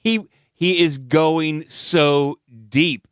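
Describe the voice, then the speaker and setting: A man co-hosting a comedy podcast with wry, quick quips. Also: on the high side, fairly even intonation, a bit bright, clear, resonant tone, no room sound, studio quality. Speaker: podcast co-host. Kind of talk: casual comedy chat.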